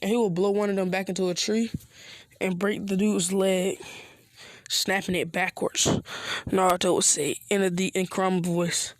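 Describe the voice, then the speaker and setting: A man's voice: sits high, little pitch movement, normal speed, no room sound, studio quality. A man telling an improvised fan story in a loose, slangy, casual way. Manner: loose slangy delivery with restarts.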